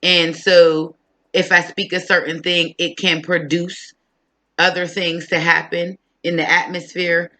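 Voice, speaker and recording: A podcast host talking casually and reflectively about faith, thinking aloud with pauses and fillers. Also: mid-range voice, flat delivery, pushed and bright.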